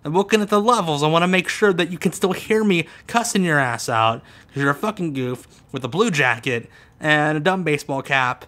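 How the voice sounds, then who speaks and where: A man's voice: fairly high pitch, brisk, fairly bright tone. A man co-hosting a casual podcast, launching into a profane, mock-angry rant. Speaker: podcast co-host.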